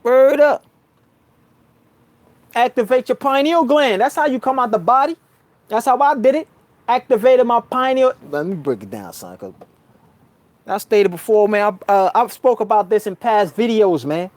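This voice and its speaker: Animated slangy New York man. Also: normal speed, long pauses, dry recording. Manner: slangy, calls the listener son and bruh; swings between loud outbursts and low murmurs. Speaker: spiritual vlogger. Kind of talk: casual storytelling monologue.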